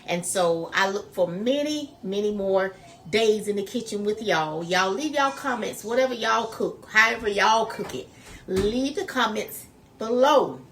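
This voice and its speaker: In a noisy home recording, a woman demonstrates a dish in her kitchen and chats casually and folksily with viewers. She speaks at a measured pace in a mid-range, slightly bright voice with lively intonation.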